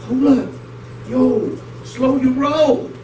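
A male preacher voicing a relaxed male savior figure who talks in easygoing street slang. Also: extremely high pitch, extremely slow, heavily acted. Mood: laid-back. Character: laid-back male savior talking like a homeboy. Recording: roomy hall, distant mic, noisy.

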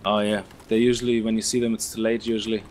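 Relaxed man explaining game moves. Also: lowish voice, fast, slight background noise. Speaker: let's play host. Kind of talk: casual gameplay chat.

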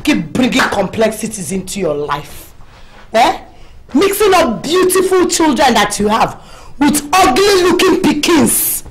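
An actress with a Nigerian accent playing a sharp-tongued, quarrelsome wife who mocks and insults. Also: female voice, high-pitched, sing-song, a little slow. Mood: taunting. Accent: Nigerian Pidgin-tinged English. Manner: taunting, insulting.

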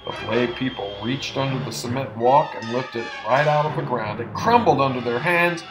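Brief: male audiobook narrator, mid-pitched and dramatic, reading over a music bed. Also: normal speed. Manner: expressive, dramatic.

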